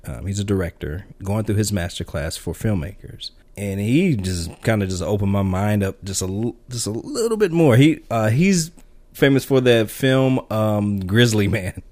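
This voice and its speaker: A man's voice: lowish voice, lively intonation, normal speed, a little mellow. A man co-hosting a filmmaking podcast, chatting casually and rambling with many restarts and fillers. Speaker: podcast co-host. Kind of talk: casual film chat.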